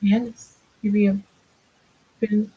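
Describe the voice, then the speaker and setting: A mellow, husky older woman talks slowly on a casual livestream from her home. She drifts between chatting with viewers and cooing to her pets in baby talk. Her tone stays soft and unhurried. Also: mid-range voice, flat delivery, rough recording. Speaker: livestream host.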